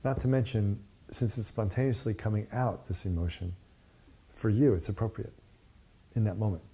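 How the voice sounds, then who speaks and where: A man's voice: lowish voice, fairly even intonation, moderate pace, mellow, slightly rough. A man giving a casual, digressive dharma talk as a meditation teacher, often tagging on "you know" and "right?".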